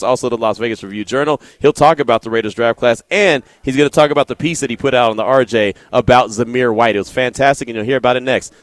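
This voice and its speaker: A man's voice: on the low side, no room sound. A man hosting a sports talk radio show, chatting casually and reading out listener texts. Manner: relaxed, conversational, reads listener texts.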